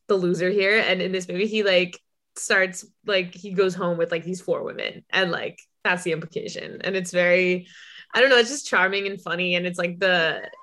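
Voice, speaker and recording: A woman's voice: fairly low pitch, steady tone, moderate pace, a bit bright. A woman in casual podcast chat, talking chattily and filling her sentences with "like.". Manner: chatty, many "like" fillers, laughs easily.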